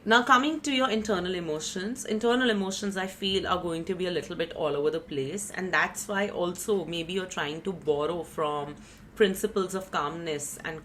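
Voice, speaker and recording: Chatty woman, lowish voice. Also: a bit bright, a little hiss or hum. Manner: chatty, rambling, self-teasing, frequent "you know" and "like". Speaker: tarot reader. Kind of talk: casual tarot reading monologue.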